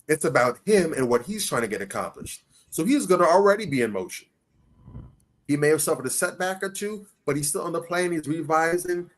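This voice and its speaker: A fairly high-voiced man hosts a casual podcast with a preachy, emphatic delivery. He poses rhetorical questions and answers them himself, leaning hard on key phrases. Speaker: podcast host.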